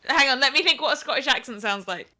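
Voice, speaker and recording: A woman's voice: high voice, animated, fast, bright, forceful tone. A woman chatting casually while streaming a game, giggly and playful.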